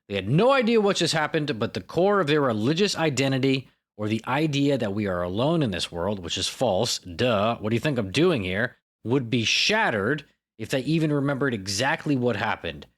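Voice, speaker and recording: A man's voice: medium pitch, a bit bright. A man hosting a podcast alone, riffing in an irreverent, profane, self-mocking comic monologue. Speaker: podcast host.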